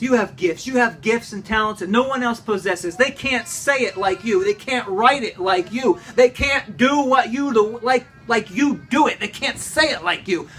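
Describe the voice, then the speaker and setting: Guy preaching to a congregation, high bright voice, repeats himself hard, faint hiss, mic far off. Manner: emphatic, repeats phrases for effect. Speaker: pastor. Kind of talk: sermon. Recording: distant mic with faint room noise.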